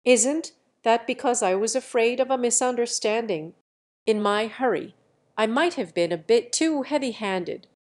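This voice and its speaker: A woman reading the part of a brash, easygoing young male martial hero who talks in a calm, lecturing, self-assured way. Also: a little high, normal speed, close to an everyday voice. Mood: explaining.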